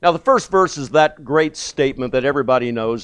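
A man preaching a sermon with emphatic stresses, quiet asides and small restarts. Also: medium pitch, expressive, smooth, dry recording, studio quality. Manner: pauses and repeats words as he goes.

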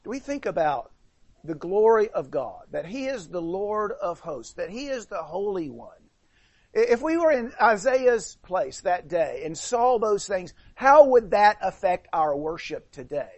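A man's voice: high voice, sing-song, a little slow, slightly rough, no echo. A male preacher delivering a sermon in an earnest way, often repeating words as he restarts.

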